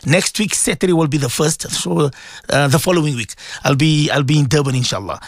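A man's voice: on the high side, fairly quick, no echo, studio quality. A middle-aged man, chatting casually on morning radio and reading out listener messages, with many fillers and repeats. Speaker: radio presenter.

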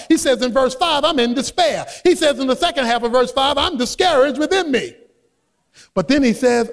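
A man preaching a sermon as a pastor, emphatic and building up to shouts. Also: very high-pitched, normal speed. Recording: long hall reverb.

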